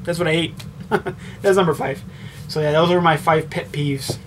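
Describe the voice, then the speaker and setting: A young man with a somewhat high voice talks casually to his camera, blunt and loaded with swearing. He rambles, circling back with fillers as he goes. A faint hiss of room noise sits under the recording. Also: steady tone, normal speed. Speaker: vlogger answering tag questions. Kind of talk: casual chat.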